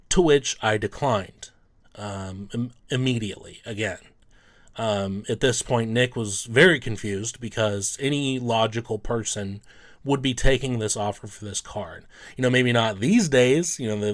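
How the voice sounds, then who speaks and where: A sports card collector, a man, telling a personal story in a loose, rambling way, full of "um" and "you know". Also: lowish voice.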